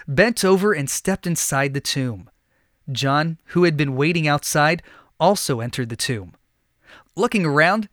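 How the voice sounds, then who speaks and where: A man narrating a Bible story in an expressive, scripted storytelling style. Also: on the high side, dry recording, clean studio sound.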